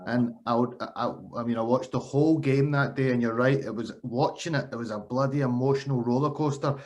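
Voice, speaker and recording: A man with a mid-pitched voice hosts a casual interview. He asks questions in a friendly, conversational way. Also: fairly even intonation, a little fast, darkish tone.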